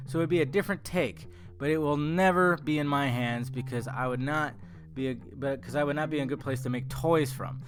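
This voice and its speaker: A man talks through film news in a loose, rambling way, tripping over words and filling gaps with ums and uhs. His voice has a tired morning sound, and plucked guitar music plays clearly behind him. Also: fairly high pitch. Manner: rambling and chatty, many fillers and restarts. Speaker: film vlogger. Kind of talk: casual movie news chat.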